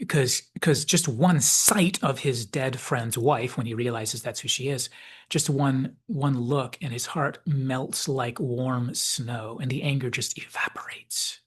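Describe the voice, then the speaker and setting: A man with a husky, slightly breathy voice talks through a story in a thoughtful analysis. He muses aloud at a middling pitch and now and then sinks into a soft whisper. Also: slow. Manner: reflective, musing, drops into soft whispers at times. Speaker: video essayist.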